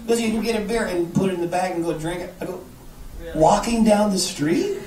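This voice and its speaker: A man from Canada, talking as the guest at a live interview, joking, swearing and acting out quotes in an animated way. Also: sits high, racing. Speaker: guest author. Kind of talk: live interview before an audience. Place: live event in a bar venue. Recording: echoey room, far from the mic, audience noise.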